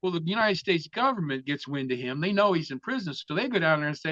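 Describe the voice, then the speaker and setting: Speaking quickly with hardly a pause, this slightly high-voiced man from Florida is an interview guest telling an extended story full of swearing, animatedly voicing the other characters. There's no room sound, and the audio is dull and lo-fi.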